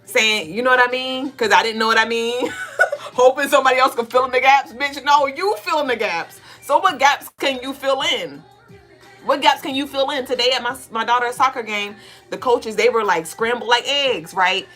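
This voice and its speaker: A woman co-hosting a podcast of casual spiritual talk. She speaks bluntly, swears freely and fires off rapid rhetorical questions. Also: fairly high pitch, pushed and bright, faint music behind. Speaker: podcast co-host.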